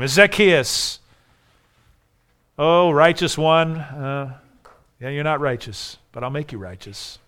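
A man preaching a sermon, emphatic, dropping soft and then rising loud. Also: on the high side.

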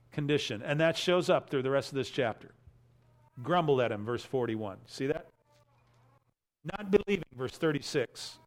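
A man preaching a sermon, working through scripture verse by verse and rising in emphasis on key phrases. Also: on the high side. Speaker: pastor.

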